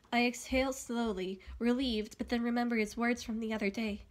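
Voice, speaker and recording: A woman narrates a first-person novel at home, keeping a steady, even reading pace. Her voice sits fairly high and stays calm and clear throughout. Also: normal speed, few pauses. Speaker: audiobook reader.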